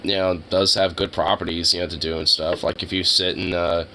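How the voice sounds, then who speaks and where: A man's voice: sits low, flat delivery, fairly quick, pushed and bright, slight background noise, rough recording. A young man streaming live, chatting casually with his viewers in a rambling, joking way full of filler words.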